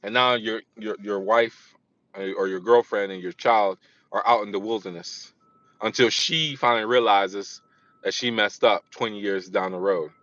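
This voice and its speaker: A man gives a loose, rambling vlog monologue, stumbling over restarts and repeating himself. His voice sits at a middle pitch with a bright, forceful edge. The recording is dry and slightly dull, like cheap lo-fi gear. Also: fairly even intonation, normal speed, no echo. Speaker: vlogger. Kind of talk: casual monologue.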